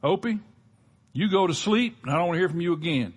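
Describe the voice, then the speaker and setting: A man's voice: high-pitched, animated, fast, husky, voice pushed up. A man doing a stern scolding father. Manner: exasperated, scolding. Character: stern father calling up the stairs.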